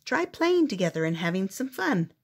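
An older woman voicing a kind, brave young girl in a storybook, speaking firmly and patiently with a husky voice. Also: mid-range voice, big pitch swings, normal speed. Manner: firm, patient, explaining.

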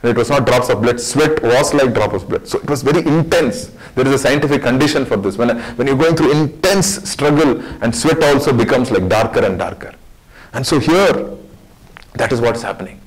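A man's voice: mid-range voice, a little fast, slightly rough, poor audio. A man teaching a Bible study sermon in an earnest way, repeating phrases for emphasis.

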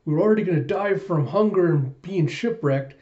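Man doing a shrill wailing cat creature. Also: brisk, mellow, lo-fi sound, natural voice. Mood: whiny wailing. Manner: shrill, melodramatic whining.

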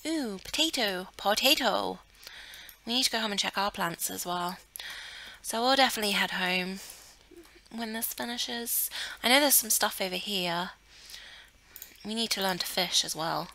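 A gameplay YouTuber from Cornwall, England, this young woman chats casually over her let's-play in a Cornish accent, encouraging her character and sometimes dropping to a whisper. She has a medium-pitched, bright, forceful voice at normal speed.

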